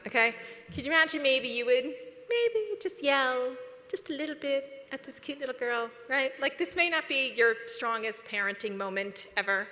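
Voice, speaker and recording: A woman giving a conference talk, chatty and animated, often asking the audience questions. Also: fairly high pitch, in a large hall. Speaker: speaker.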